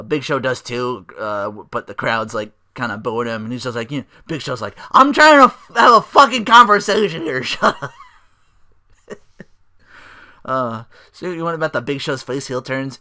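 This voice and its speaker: Guy rambling on his solo podcast, bright voice, lots of likes and ums. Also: medium pitch. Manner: rambling, many fillers and restarts. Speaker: podcast host. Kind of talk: casual solo podcast chat.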